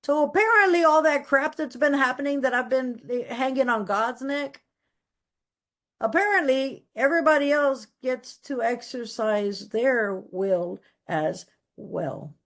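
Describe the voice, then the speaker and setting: A woman's voice: high-pitched, unhurried, a bit bright. A woman giving a candid, emphatic personal testimony at a recovery meeting, often repeating words for stress. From Texas.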